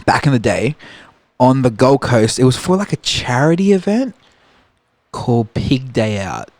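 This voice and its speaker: A man's voice: mid-range voice, sing-song, unhurried, a little mellow, no room sound. A man hosting a podcast, asking questions in an easygoing, chatty interview and laughing along with his guest. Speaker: podcast host. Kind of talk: casual interview.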